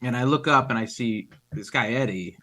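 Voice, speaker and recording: A man's voice: medium pitch, normal speed, pushed and bright. A man playing his character in a tabletop game, talking loosely and rambling with many fillers. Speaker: player. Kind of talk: casual tabletop role-play.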